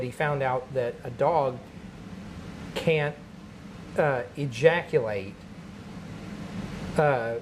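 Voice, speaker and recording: A stand-up comedian tells a long anecdote in casual chat, his mid-range voice animated and full of fillers, and he laughs between lines. The background is noisy.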